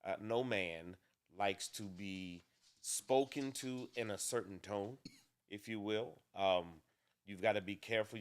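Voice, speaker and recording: A man co-hosting a casual talk show about marriage, speaking in a deliberate, measured way with some restarts. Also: on the low side, smooth. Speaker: co-host.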